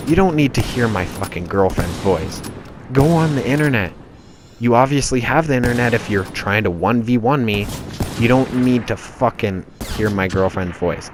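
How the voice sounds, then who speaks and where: A man's voice: on the low side, noisy background. A man narrating his gameplay in a casual, profane, exasperated rant that rambles on.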